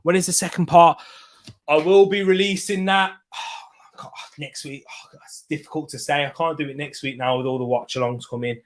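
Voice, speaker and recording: A man's voice: a little high, steady tone, normal speed. A young man hosting a live football watch-along from a home setup, chatting upbeat with his viewers and laughing often.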